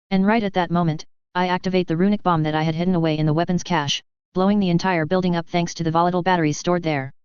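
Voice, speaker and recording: Brief: woman narrator, fan fiction audiobook, very smooth voice, dry slightly dull recording. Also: on the low side, steady tone, fast, hardly any pauses, no room sound. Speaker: audiobook reader.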